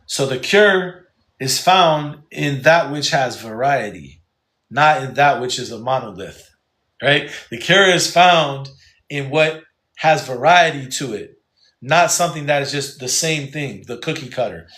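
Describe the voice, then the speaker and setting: A man's voice: medium pitch, expressive, a little slow, pushed and bright, echoey room. A man teaching a live Quran class, casual and joking, often restarting his sentences.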